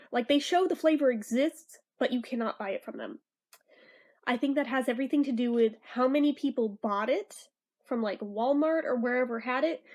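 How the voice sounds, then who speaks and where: A woman's voice: on the high side, darkish tone. A woman with a stuffy nose chatting through a casual product review, bubbly and easily sidetracked.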